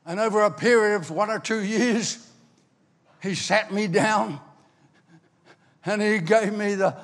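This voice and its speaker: An older man preaching in a hall with a long ringing reverb. His voice sits fairly high for a man, and he tells stories with lively swings between loud and hushed. He acts out the voices of the people he quotes. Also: measured pace, vocal fry. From Ireland. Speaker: pastor. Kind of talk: sermon.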